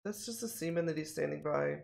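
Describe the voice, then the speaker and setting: Gravelly streamer musing over a puzzle. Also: medium pitch, a little fast. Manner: musing, repeats itself while puzzling things out. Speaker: streamer playing a mystery game. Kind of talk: casual think-aloud gameplay commentary.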